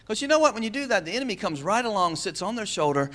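A male pastor preaching a sermon in a folksy, animated way, joking with the congregation. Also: high voice, quick pace.

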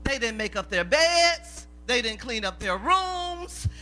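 A woman's voice: on the high side, very animated, slow pace, sharp tone, faint music behind. A woman preaching in a plain-spoken, folksy way about mothers and children. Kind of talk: sermon.

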